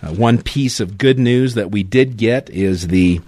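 A man's voice: lowish voice, a little slow, darkish tone, dry recording. A man hosting a talk radio show, chatting casually with jokes, fillers and restarts. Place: radio studio. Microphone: studio microphone.

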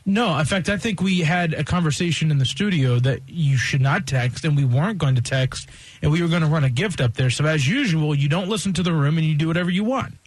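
Husky, needling man on morning radio. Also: on the high side, a little fast, dry recording. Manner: dry, needling, sarcastic. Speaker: radio morning show co-host. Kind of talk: casual radio banter.

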